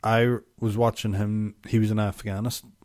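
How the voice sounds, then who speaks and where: A man's voice: lowish voice, flat delivery, moderate pace, a little mellow. A man co-hosting a podcast, chatting casually in a rambling way, swearing and laughing often. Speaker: podcast co-host. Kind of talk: casual chat.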